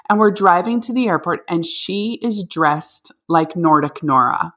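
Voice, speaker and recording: Vlogger mom from Canada, low voice, chatty storyteller who laughs as she goes. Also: normal speed, hardly any pauses. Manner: animated, laughs while telling. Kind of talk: casual storytelling.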